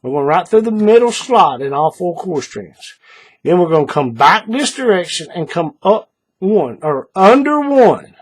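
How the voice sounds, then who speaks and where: A man calmly talking through a paracord bracelet tutorial step by step, patient and repetitive, often checking in with the viewer. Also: a little high, normal speed, slightly rough. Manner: patient, repeats steps, checks in with "all right?". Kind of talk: hands-on craft tutorial.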